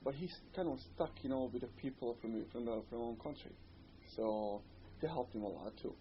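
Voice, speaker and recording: A man's voice: mid-range voice, brisk. Bosnian-accented man telling stories, muffled. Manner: rambling storyteller, many "you know" fillers. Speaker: interviewee. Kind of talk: oral history interview. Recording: slightly muffled recording with faint hiss.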